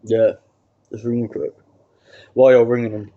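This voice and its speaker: A man's voice: mid-range voice, level tone, moderate pace, lo-fi sound. A man co-hosting a podcast in a casual chat. He mostly gives short replies, jokes and swears.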